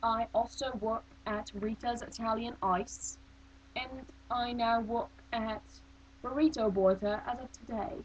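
A woman's voice: a little high, steady tone, unhurried. A young woman rambling on a webcam in a vague put-on accent, sounding bored. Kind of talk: casual webcam monologue. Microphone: built-in webcam mic. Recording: dull lo-fi webcam audio with faint hum.

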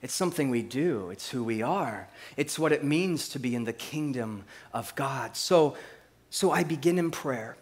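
A man preaching a sermon, telling stories and swinging between hushed reflection and lively, laughing delivery. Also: medium pitch, moderate pace. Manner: laughs at his own stories. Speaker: pastor.

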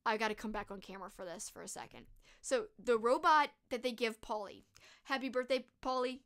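A woman's voice: medium pitch, animated, brisk, fairly bright tone. A young woman streamer chatting casually and reading out viewer comments, gushing and full of fillers.

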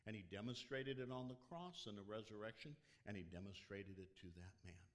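Male pastor with a low voice preaching a sermon; conversational, swings from loud emphasis to hushed whispers. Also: a little fast. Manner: conversational, addresses the congregation directly.

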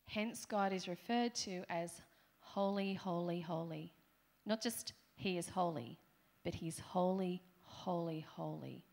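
A woman's voice: fairly low pitch, takes it slowly, creaky, darkish tone. A middle-aged woman with an Australian accent preaching a conversational sermon in a church, with playful asides to the congregation. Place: church hall.

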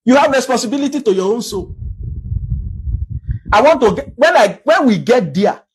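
A Nigerian man delivers a sermon in a high, somewhat husky voice. He preaches with emphasis and drives his points home with rhetorical questions. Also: animated, normal speed, poor audio. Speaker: pastor.

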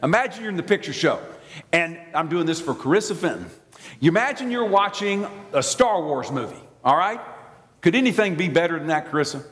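A preacher with a Southern American accent tells his story with lively, theatrical energy. His voice sits somewhat high and leaps up and down as he acts out the scene. The sound carries a long reverb from a large church sanctuary. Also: fairly quick. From Alabama. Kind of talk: sermon.

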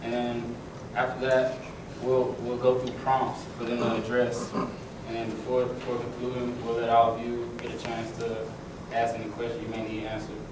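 A young man opens a panel in a steady, flat voice, with a few halting restarts. He sounds distant in a large echoing room with clear background noise. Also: mid-range voice. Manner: halting, with fillers. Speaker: student panel moderator. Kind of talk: introducing a panel. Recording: echoey hall from far off.

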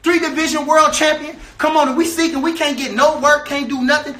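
A man's voice: extremely high pitch, steady tone, brisk, sharp tone. A man from a boxer's camp delivering a heated, repetitive, trash-talking rant to the camera.

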